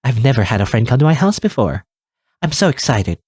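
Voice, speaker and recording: A man's voice: mid-range voice, big pitch swings, brisk, darkish tone, breathy edge, no room sound, clean studio sound. A man doing an eager, clingy schoolgirl. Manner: eager, pleading, sweetly insistent. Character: lonely, clingy teen schoolgirl with a creepy edge. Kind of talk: visual novel voice reading.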